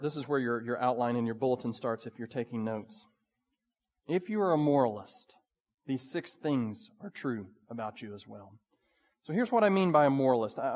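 A male pastor preaching a sermon, swinging between urgent pleading and hushed, quiet passages. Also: mid-range voice. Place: church sanctuary. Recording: long hall reverb.

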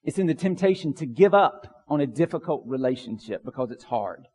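A man's voice: mid-range voice, animated, brisk, mellow, slightly rough, in a large hall. A man preaching a sermon as pastor, earnest, repeating phrases for emphasis.

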